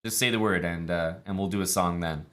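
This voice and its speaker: A man from Canada, streaming chess in a relaxed, chatty way with many fillers. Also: sits low, brisk. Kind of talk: casual live-stream commentary.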